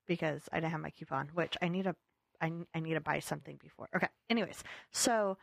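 A woman's voice: on the low side, creaky, no room sound. A woman telling a funny everyday anecdote in casual chat, jokey and laughing often.

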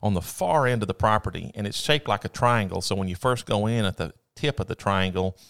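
A man's voice: on the low side, fairly quick, creaky, fairly bright tone, smooth. A man co-hosting a casual chat, telling a story in an upbeat, rambling way. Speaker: podcast co-host.

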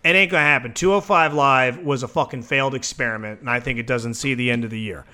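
A man co-hosting a podcast in casual chat, brash and profane, firing off opinions quickly. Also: mid-range voice, bright, forceful tone. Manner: brash, profane, rapid-fire. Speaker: podcast co-host.

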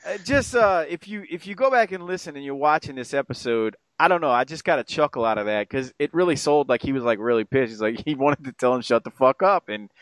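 A man's voice: fast talker, few pauses, no echo. Rambling, profane podcast co-host man. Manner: rambling and profane, pitch jumps when excited. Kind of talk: casual podcast chat.

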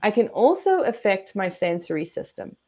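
A woman guest therapist explaining coping techniques in an animated way, acting out what her body and brain say. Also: mid-range voice, normal speed. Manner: animated, demonstrates breathing and acts out inner voices.

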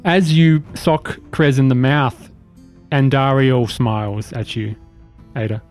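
A man running a tabletop game as game master, describing scenes in measured, detailed narration. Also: mid-range voice, steady tone, darkish tone, faint music behind.

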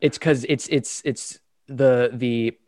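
A man chatting casually about a sports fight, animated, swearing and laughing between points. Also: medium pitch, slow, no echo, clean studio sound.

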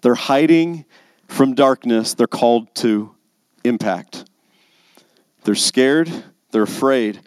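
A man's voice: mid-range voice, dry recording. A man preaching a sermon as pastor, building to emphatic, intense passages. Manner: rising to emphatic intensity on key lines.

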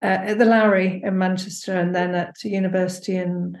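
Casting: lower-pitched woman guest, halting and thoughtful, recorded in a roomy space. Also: flat delivery, darkish tone. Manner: hesitant, searching for words, many fillers. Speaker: guest, performance maker. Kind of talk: casual conversation. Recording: echoey room.

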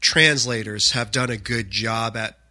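Bright-voiced man, earnest casual talk. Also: mid-range voice, steady tone, unhurried, dry recording. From United States. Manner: earnest, uses many fillers like "you know". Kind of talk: casual chat about faith and books.

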